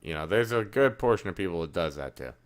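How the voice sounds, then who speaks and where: A man co-hosting a casual gaming podcast, swearing a lot and swinging between loud outbursts and low muttering. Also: expressive, fast. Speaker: podcast co-host. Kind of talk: casual chat.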